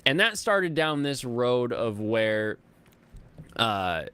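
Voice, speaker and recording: A man in the middle of his pitch range, chatting casually as a livestream host. He rambles along and replies to his viewers' comments. He laughs often and sometimes jumps up high with excitement. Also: takes it slowly, smooth. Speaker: streamer host reading chat.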